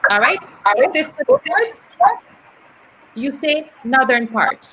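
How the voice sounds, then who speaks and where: A woman's voice: high voice, animated, slow, husky, lo-fi sound. A woman hosting a live online English lesson, patiently correcting students' pronunciation. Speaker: English teacher and host.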